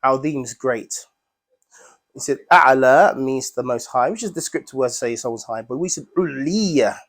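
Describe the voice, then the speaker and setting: A man's voice: medium pitch, normal speed. Man explaining Arabic terms to a class. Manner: explains Arabic words, checking in with "yeah?". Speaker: teacher.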